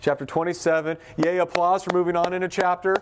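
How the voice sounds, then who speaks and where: A man's voice: sits high, little pitch movement, fast, slight background noise. A man preaching a casual, conversational sermon, talking through a text and acting out the voices he quotes. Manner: conversational, acts out quoted voices, many restarts.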